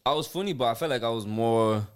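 A young man rattles along at high speed in relaxed podcast chat. His talk is full of slang and quick laughs, and his pitch sits in the middle. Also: smooth. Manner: fast, slangy, laughing and putting on voices for quotes. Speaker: podcast guest, TikTok comedian. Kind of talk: casual chat.

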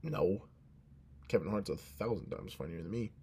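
Low, mellow-voiced man rambling on a podcast. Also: normal speed, breathy edge. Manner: rambling, earnest, self-interrupting. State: drowsy. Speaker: podcast host. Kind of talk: casual solo podcast monologue.

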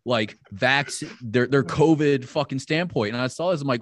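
A man's voice: mid-range voice, normal speed, no echo. A man on a casual podcast, talking in a blunt, profane, ranting way. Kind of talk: casual heated podcast chat.

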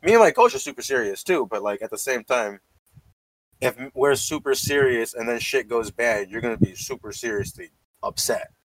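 A man chatting casually and swearing freely, telling stories in an animated way with plenty of "like.". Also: medium pitch, moderate pace, no echo. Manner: profane, animated storytelling full of "like". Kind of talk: casual chat.

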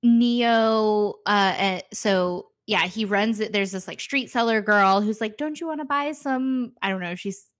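A woman's voice: mid-range voice, fairly even intonation, measured pace, hardly any pauses. A young woman in casual chat, animatedly retelling a show's scenes and acting out the characters' lines. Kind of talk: casual chat recapping a show.

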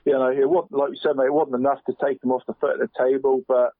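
A man's voice: medium pitch, little pitch movement, fast talker, dry recording. Chatty man saying mate constantly, tinny line. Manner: chatty, says "mate" constantly, laughs often. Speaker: co-host picking team of the week. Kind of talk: casual sports chat. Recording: dry tinny phone-line sound.

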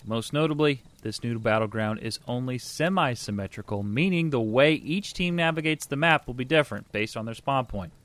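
A man's voice: mid-range voice, normal speed, hardly any pauses, fairly bright tone, no room sound. A man co-hosting a casual gaming podcast, chatty and upbeat as he reads out game news. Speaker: podcast co-host.

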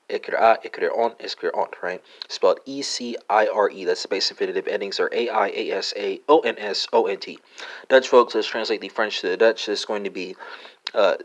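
A man hosting a solo language-lesson podcast, spelling out words letter by letter with lots of "uh" and "right?" and a few wry asides. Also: on the low side.

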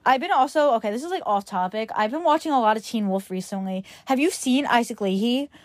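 A woman's voice: on the high side, lively intonation, fairly quick, no echo, studio quality. A teenage girl from Long Island hosts her podcast in a rambling casual chat, filling her sentences with "like". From Long Island, New York. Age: teens. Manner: rambling, fillers of "like" throughout. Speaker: podcast host.

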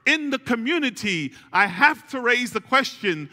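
A male pastor preaching a sermon, slowing down to stress key phrases and calling on the congregation to repeat after him. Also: extremely high pitch, sing-song, sharp tone. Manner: preaching with call-and-response, slow emphatic repetition. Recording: long hall reverb.

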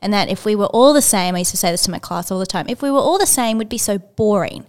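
A woman's voice: medium pitch, fast. Storytelling woman co-host. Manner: storytelling, animated, acts out past conversations. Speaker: podcast co-host, former educator. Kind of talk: casual interview chat.

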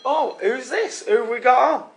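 A man co-hosting a comedy podcast, joking in quick banter. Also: extremely high pitch, lively intonation, slight background noise, low-quality recording. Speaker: podcast co-host. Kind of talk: casual comedy chat.

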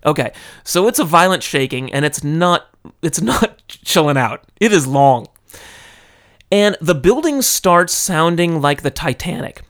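A man from California, animated and dramatic, telling a personal story into a close microphone. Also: a little high, measured pace. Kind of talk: casual storytelling monologue. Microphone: close studio microphone.

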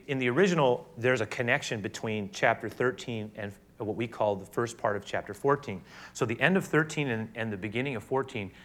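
Forceful preacher man, hushed to loud. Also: mid-range voice. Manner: impassioned, swings from hushed to loud; frequent restarts and repetitions. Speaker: pastor. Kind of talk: sermon.

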